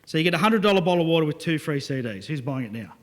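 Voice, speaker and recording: High-voiced man working a seminar crowd. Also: racing. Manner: lively, joking, audience-engaging. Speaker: business speaker. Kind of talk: live seminar talk to an audience.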